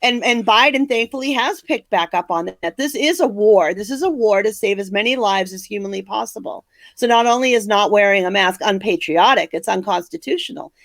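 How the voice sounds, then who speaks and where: This older American podcast co-host talks fairly quickly with few pauses, her medium-pitched voice fairly bright and free of room sound. She sounds blunt, angry and emphatic as she shares passionate opinions.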